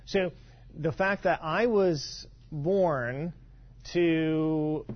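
A man's voice: a little high, very slow, dull audio. A man from western Kentucky preaching a sermon in a conversational, storytelling way, with frequent asides and repeated words. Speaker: pastor.

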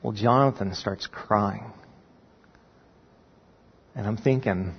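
A man, a pastor, telling a personal story in a sermon with animated, rising emphasis when he recounts his prayers. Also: medium pitch, moderate pace, long pauses, breathy edge. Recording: dull sound with long reverb in a large hall.

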